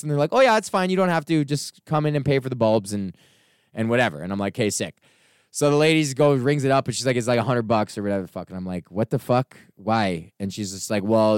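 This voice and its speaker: A man hosting a comedy podcast, telling a rambling, profanity-laced story in a casual, animated way. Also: medium pitch, smooth, dry recording, clean studio sound. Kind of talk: casual ranting monologue.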